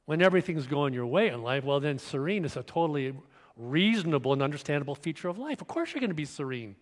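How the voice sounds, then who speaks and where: A pastor with a slightly high voice and wide pitch swings preaches fast in a church, the hall's long reverb trailing his words. Still recovering from a cold, he coughs now and then, speaks conversationally, restarts sentences, and asks the congregation questions.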